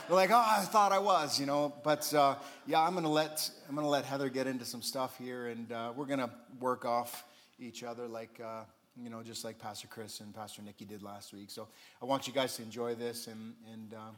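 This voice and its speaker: A man's voice: mid-range voice, a bit bright. A middle-aged man giving a sermon, telling a family story with chuckles and call-outs to the congregation.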